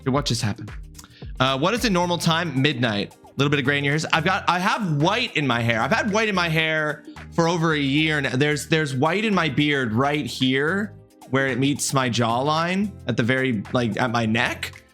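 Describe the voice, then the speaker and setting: A man's voice: on the high side, animated, moderate pace, sharp tone, soft background music. A man in his thirties chatting casually on a livestream, greeting viewers by name and answering their comments.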